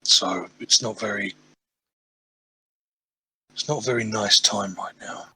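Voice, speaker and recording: A man playing a tabletop game, speaking in character, measured and a little hesitant. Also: on the low side, bright, forceful tone, slightly rough, no room sound, rough recording. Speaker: player.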